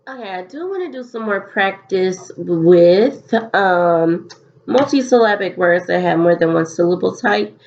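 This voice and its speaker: A woman's voice: fairly low pitch, expressive, a little slow, darkish tone, muffled recording, a little hiss or hum. A woman teacher leading a recorded phonics lesson, explaining step by step and repeating key phrases so students can follow.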